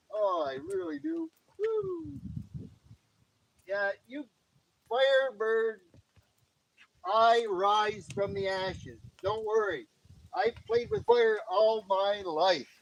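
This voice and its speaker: A middle-aged man chats cheerfully on a nighttime livestream from his backyard fire pit, laughing as he greets viewers by name. His voice sits high and swings lively up and down. A faint hiss of noise runs underneath. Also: vocal fry, rough recording. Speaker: livestream host. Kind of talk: casual live-stream chat. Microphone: camera on a tripod.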